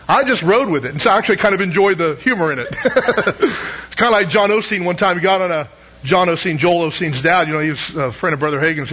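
A man's voice: on the high side, pushed and bright, husky, lo-fi sound. A middle-aged man preaching a sermon in a conversational, storytelling way, asking the audience rhetorical questions.

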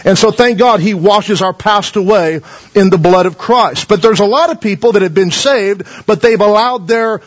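Guy preaching a sermon, pretty high voice, folksy storytelling, asks for amens, muffled lo-fi audio. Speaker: pastor.

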